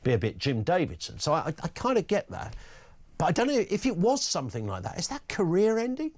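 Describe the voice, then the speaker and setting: A man's voice: sits high, huge pitch swings, quick pace. A British man hosting a talk radio phone-in, musing bluntly and conversationally with jokey asides. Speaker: radio talk show host. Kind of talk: opinion monologue and phone-in. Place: radio studio.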